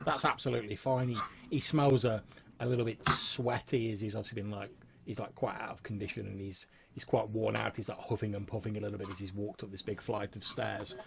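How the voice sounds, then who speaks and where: A man's voice: fairly low pitch, level tone, brisk, gravelly, crowd noise. A man narrating a tabletop role-playing game as game master, in a casual, filler-heavy way.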